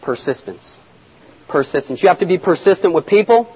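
A man preaches in a dramatic sermon, moving from loud bursts down to near-whispers. His voice sits high for a man and sounds husky. The sound is muffled and lo-fi, with a long echo from the hall. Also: lively intonation, fairly quick. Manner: dramatic, acts out scenes, swings between shouts and near-whispers. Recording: echoey hall, dull lo-fi sound.

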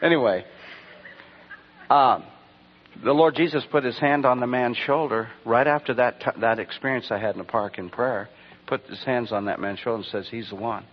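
Husky preacher man, dull recording. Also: medium pitch, normal speed. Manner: rambling storytelling, rhetorical questions to the congregation. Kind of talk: sermon.

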